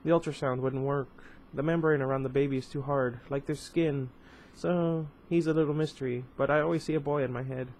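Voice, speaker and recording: Guy reading a stubborn young woman, soft and low-key, mid pitch. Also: steady tone, a little fast, few pauses, a little hiss or hum, lightly acted, low-quality recording. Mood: sheepish.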